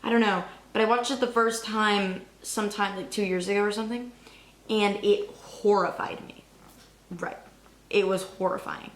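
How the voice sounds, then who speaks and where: A young woman vlogging in a casual, rambling, excitable way, cursing now and then. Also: mid-range voice, moderate pace, reverberant. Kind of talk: casual chat.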